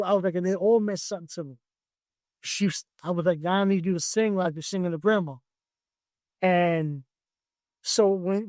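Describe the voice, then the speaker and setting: Male producer as podcast guest, higher voice, dry close sound, animated storyteller who acts out the dialogue. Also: no room sound. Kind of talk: casual interview storytelling.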